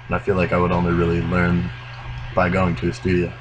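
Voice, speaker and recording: A young male musician speaks with a very deep, low voice in a casual interview. He talks earnestly and without hurry, his sentences often trailing off quietly. A faint hiss runs under the recording. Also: completely flat delivery, fast talker. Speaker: musician guest.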